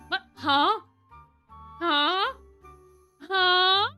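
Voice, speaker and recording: A woman giving excitable live commentary over a game, laughing and teasing the characters as she plays. Her voice is high and bright, and faint game music plays in the background. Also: normal speed. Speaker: streamer.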